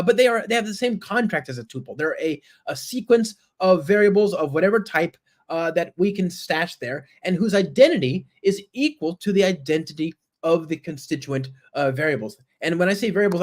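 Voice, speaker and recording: At a conference, a man live-codes in front of the audience, narrating what he types with chatty enthusiasm. He frequently checks in with "right?" and "okay?", and his voice sits high.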